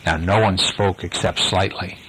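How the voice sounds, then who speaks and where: A man's voice: sits low, steady tone, moderate pace, pushed and bright, a little hiss or hum, low-quality recording. An older man reading a bedtime story aloud to a child, with casual asides to the listener.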